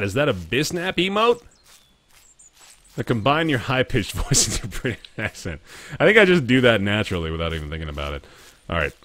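A man doing live gameplay commentary, joking with chat, thanking viewers and yelling when startled. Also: fairly low pitch. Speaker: gaming livestreamer.

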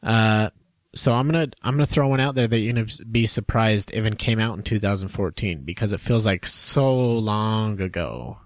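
A man's voice: on the low side, moderate pace, dry recording. A man co-hosting a casual podcast, joking around, laughing often and trailing off mid-sentence. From United States. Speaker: podcast co-host. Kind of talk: casual chat.

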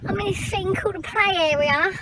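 A woman voicing a sulky, spoiled grown-up female doll that whines and complains in a high, childlike squeak. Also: a little fast. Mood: excited. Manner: whiny and complaining. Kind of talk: toy doll role-play. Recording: loud noisy outdoor recording.

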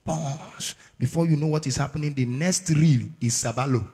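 A man with a Nigerian accent preaching a sermon as an evangelist, moving from low murmurs to shouted warnings. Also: normal speed, breathy edge. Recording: long hall reverb.

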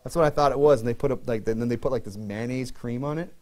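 A pastor preaching a sermon in a conversational way, mixing scripture reading with humorous personal stories. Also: male voice, mid-range voice, fast talker, a little mellow.

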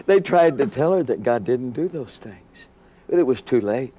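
A man telling an animated story as a guest on a TV interview. He laughs often and acts out the scenes. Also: mid-range voice, normal speed.

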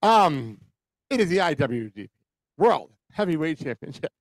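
A man co-hosting a casual podcast, ranting excitedly with lots of laughter and swearing. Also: fairly high pitch, moderate pace, noisy background. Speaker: podcast co-host. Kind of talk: casual wrestling chat.

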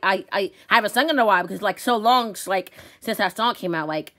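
A woman's voice: mid-range voice, fairly bright tone, lightly acted. A woman playing a petulant, stammering friend in an amateur toy video, upset that her birthday was forgotten. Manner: stammering, whiny, quick to insult.

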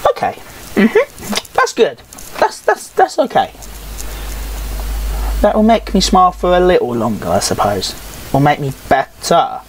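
A woman's voice: low voice, very animated, moderate pace, a little hiss or hum, poor audio. A woman giving casual, grumbling, sarcastic game commentary and swearing freely. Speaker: gaming YouTuber.

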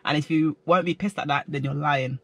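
A young man telling a story in a slangy, animated storytime vlog. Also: a little high, brisk, vocal fry, no room sound. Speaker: vlogger.

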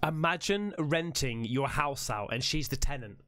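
A man's voice: fairly high pitch, animated, moderate pace, over loud music. A man hosting a reaction video, swearing and joking crudely as he comments on clips. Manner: crude, swearing, jokey and exclaiming.

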